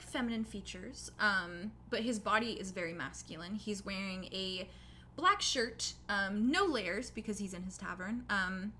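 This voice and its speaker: Young woman as game master: bright, casual narrator who fills gaps with um. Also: medium pitch, a little hiss or hum. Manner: casual, many fillers like um.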